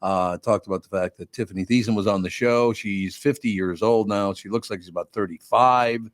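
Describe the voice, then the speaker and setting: A man's voice: on the low side, fairly quick, dry recording. An older man hosting a radio talk show, chatting casually and candidly, often correcting himself. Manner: rambling, candid, self-correcting.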